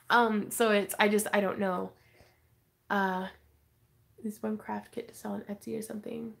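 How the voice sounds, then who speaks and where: A woman's voice: medium pitch, steady tone, a little slow, vocal fry, pauses often. A young woman hosting a casual craft livestream, reading viewer comments and chatting with giggles and fillers. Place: home craft room.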